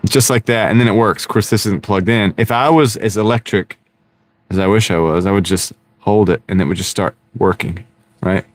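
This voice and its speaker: This man's lowish voice comes through at a moderate pace with no room sound. He's hosting a relaxed live stream from his car on a wireless clip-on mic, wandering from topic to topic, joking with viewers and laughing often.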